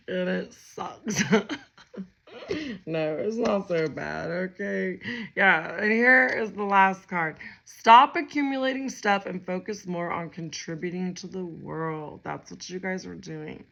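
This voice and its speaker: A woman talks her viewers through a spiritual tarot reading in a loose, rambling way, full of fillers and easy laughs. Her voice sits a little low and has a gravelly fry to it. The recording is somewhat dull and lo-fi. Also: slow pace, a bit bright. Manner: chatty and rambling, many fillers, laughs often. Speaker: tarot reader.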